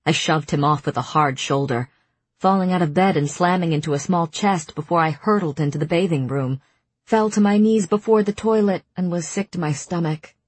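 A woman narrating a first-person audiobook in a measured, intimate way. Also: lowish voice, husky, no echo.

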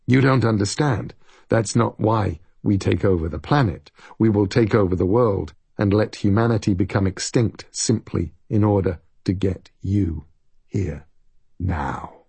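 A man's voice: unhurried, warm tone, dry recording, heavily acted. A man voicing a guttural masked time creature. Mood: menacing. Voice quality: deep, guttural, later breathy and sweet. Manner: patronizing, calls people dear. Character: ancient time-hopping creature, masked, menacing. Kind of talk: audiobook reading.

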